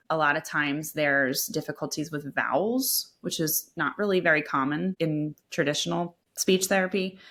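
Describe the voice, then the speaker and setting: A woman's voice: low-pitched, bright, forceful tone. A woman speech-language pathologist, a podcast guest, explaining her methods at length and restarting sentences with repeated words. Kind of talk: expert explaining in a podcast interview.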